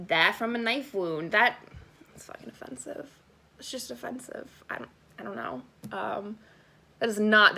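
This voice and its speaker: A young adult woman giving a casual, sarcastic book review to camera, animated and full of "like". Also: fairly high pitch. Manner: animated and sarcastic, heavy use of "like". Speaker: book vlogger.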